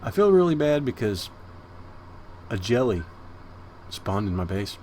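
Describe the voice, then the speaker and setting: Very animated yet at a measured pace, this man's fairly low, darkish voice carries casual gameplay commentary over slight background noise. Hosting a Minecraft let's-play, he rambles chattily to viewers he calls guys and coos at his base's cats with baby talk and meowing.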